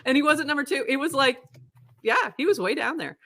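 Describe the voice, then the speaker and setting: A woman's voice: high voice, fairly quick. Chatty woman with a faint Boston accent. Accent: Boston, mostly softened. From Boston area, US. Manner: chatty, laughs often, animated. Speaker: podcast co-host. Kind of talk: casual chat.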